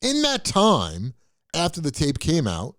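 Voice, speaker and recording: A man hosting his own show delivers a blunt, profane rant, scoffing as he goes. His voice sits a little high and swings widely up and down. The sound is close and dry, with no room around it. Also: huge pitch swings, a little slow, a bit bright, dry recording. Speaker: show host. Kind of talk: ranting commentary monologue.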